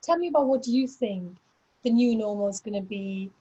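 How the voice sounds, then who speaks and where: Brief: woman interviewer, soft mellow tone with a breathy edge, muffled remote audio. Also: medium pitch, moderate pace. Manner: friendly, probing, thoughtful questions. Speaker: interviewer host. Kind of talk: conversational interview.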